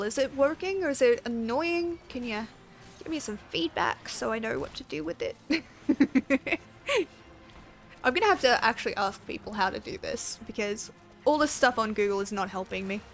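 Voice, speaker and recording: A woman's voice: on the high side, expressive, normal speed, a bit bright, faint music behind. A woman game streamer chatting casually and giggling, swearing now and then. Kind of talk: casual live-stream chat.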